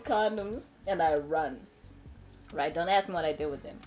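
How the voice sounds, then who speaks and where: A woman's voice: sits low, moderate pace, a little mellow, faint music behind. A young adult woman co-hosting a casual chat, telling a story animatedly with frequent laughter and many "right?"s. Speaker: co-host.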